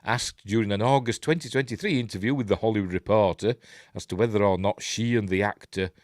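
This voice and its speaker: A man's voice: lowish voice, quick pace, no echo, clean studio sound. A man with a Yorkshire accent hosting a live-stream news show, reading stories aloud and adding chatty, sarcastic asides. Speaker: host.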